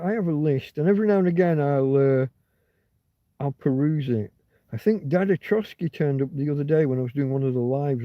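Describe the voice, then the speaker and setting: The livestream host here is a man chatting casually outdoors in a field, often drifting off into digressions. His voice has medium pitch, there's no room sound, and the audio is dry, dull, and lo-fi.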